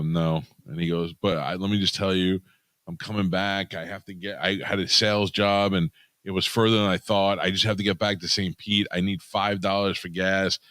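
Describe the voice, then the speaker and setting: A man co-hosting a podcast, telling a rough, profane story in casual chat and getting worked up as he defends himself. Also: sits low, fairly bright tone, dry recording. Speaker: podcast co-host.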